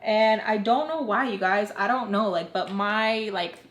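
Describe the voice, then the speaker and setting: A young woman tells a personal story to her viewers in a loose, chatty way. She fills her sentences with "like" and often speaks to the audience as "you guys." Her mid-range voice carries a clear room echo. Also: medium pitch, unhurried, muffled recording. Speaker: storytime vlogger. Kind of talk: casual storytime narration. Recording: roomy echo.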